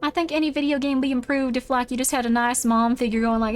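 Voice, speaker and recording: A playful woman streamer chatting casually with her viewers during a horror game. Her voice sits high and bright in pitch, loose and chatty. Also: little pitch movement, quick pace. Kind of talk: casual live-stream gameplay chat.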